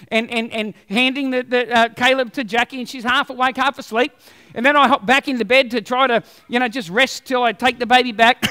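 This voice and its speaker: A man preaching a sermon as a pastor, telling stories with animated humor. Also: very high voice, clean tone, long reverb tail.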